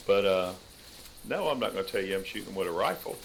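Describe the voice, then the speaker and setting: A man's voice: low-pitched, animated, fairly quick, vocal fry, slight background noise, poor audio. A man hosting a hunting game stream, chatting casually and teasing his guest. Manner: joking, teasing, laid-back. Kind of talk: casual gameplay chat.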